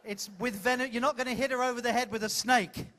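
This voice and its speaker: A man's voice: extremely high pitch, fairly even intonation, fast, bright, forceful tone. A man hosting a comic audience-participation show on a ship's stage, teasing and theatrical, speaking into a handheld mic. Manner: teasing, theatrical, self-mocking. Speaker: cruise ship entertainer.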